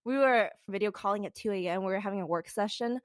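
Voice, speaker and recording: A woman in her twenties co-hosting a casual podcast, lively and blunt, acting out what people say with big jumps in her voice. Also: fast talker, dry recording. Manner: animated, acts out quoted people with big pitch jumps, swears freely. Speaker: podcast co-host. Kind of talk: candid casual podcast chat.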